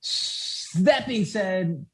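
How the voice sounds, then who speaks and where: A man co-hosting a film podcast, talking casually with halting restarts and trailing thoughts. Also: high-pitched, expressive. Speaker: podcast co-host.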